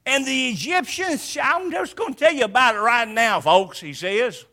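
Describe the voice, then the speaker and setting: A man preaching a sermon, swinging from hushed asides to shouted emphasis. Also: very high-pitched, moderate pace, gravelly.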